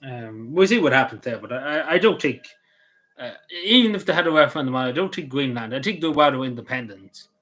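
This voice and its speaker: A man with a Cavan Irish accent talks quickly on a casual livestream. His voice is bright and tense. He rambles, breaks off and restarts his sentences, and fills the gaps with "um" and "like.". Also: mid-range voice, animated. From Ireland. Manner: rambling, full of restarts and fillers. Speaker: vlogger.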